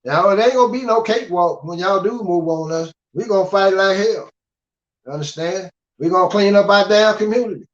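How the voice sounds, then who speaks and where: An older man with a high voice lectures in a gruff, scolding way and keeps checking that the listener follows. The recording sounds dull and lo-fi. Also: brisk. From United States. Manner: gruff, scolding, repeats "you understand?". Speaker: guest speaker. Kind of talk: blunt preaching monologue. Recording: dull lo-fi audio.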